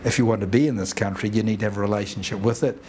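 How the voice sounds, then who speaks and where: A man's voice: fairly low pitch, steady tone, rapid-fire, a little mellow, a little hiss or hum. A New Zealand man speaking reflectively on Maori values, who often acts out both sides of a conversation. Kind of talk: reflective talk with acted dialogue.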